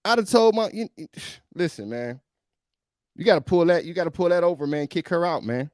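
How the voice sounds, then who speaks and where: A man's voice: a little high, animated, a little fast, a little mellow, no room sound, clean studio sound. A male podcast host giving emphatic, preachy reaction commentary on a video, often repeating himself.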